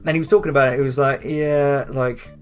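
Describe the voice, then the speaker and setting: A man's voice: mid-range voice, steady tone, fast. A young man co-hosting a podcast in casual chat, rambling with lots of fillers, swearing and laughing at himself. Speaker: podcast co-host.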